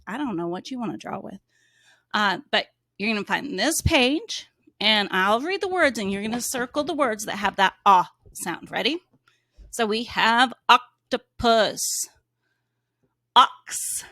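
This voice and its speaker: Woman teacher sounding out words slowly. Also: medium pitch, dry recording, studio quality. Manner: slow, clearly sounded-out words for young children; gently coaxing, asks the child questions. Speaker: reading teacher. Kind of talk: children's phonics lesson.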